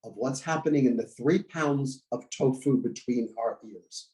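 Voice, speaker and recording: A man giving a reflective sermon at a spiritual center, in measured phrases with pauses. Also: medium pitch, dark tone, low-quality recording. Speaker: guest speaker at a spiritual center. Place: church sanctuary.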